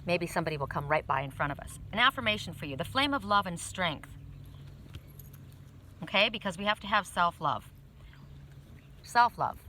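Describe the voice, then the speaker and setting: Gentle woman reading cards outdoors. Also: fairly low pitch, lively intonation, normal speed, pauses often, slight background noise. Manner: gentle, chatty, drifting off into asides. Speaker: oracle card reader. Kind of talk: outdoor card reading vlog. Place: outdoors by a lake. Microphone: phone camera.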